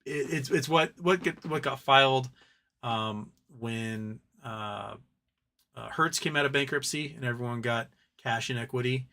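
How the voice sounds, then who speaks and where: A man's voice: medium pitch, measured pace, gravelly, sharp tone. A man hosting a casual live stream, ranting animatedly and mocking other people's voices as he quotes them.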